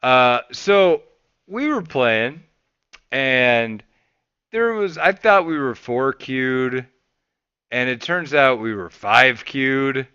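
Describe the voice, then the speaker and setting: Male podcast host, animated storyteller, smooth clear tone, dry close sound. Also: medium pitch, takes it slowly, no echo, dull audio. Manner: animated, swears freely, voices his past rants loudly.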